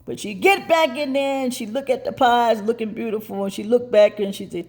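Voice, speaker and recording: Older woman host; lively, folksy storyteller who laughs through her tales. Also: fairly high pitch, brisk. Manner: animated, folksy, laughs as she tells it. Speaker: cooking show host. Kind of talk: personal storytelling.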